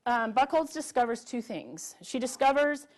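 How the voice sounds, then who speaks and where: Middle-aged woman with a higher voice, speaking to a library audience: earnest, emphatic, questions drawn out. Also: animated, normal speed. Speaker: public speaker. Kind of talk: public talk to a live audience. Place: library event room with audience.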